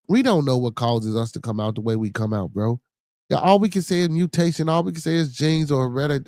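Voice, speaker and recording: A man's voice: medium pitch, a little mellow, no room sound. A man with a Chicago accent hosting a podcast, chatting casually in a rambling, profane way and reading news stories aloud. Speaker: podcast host.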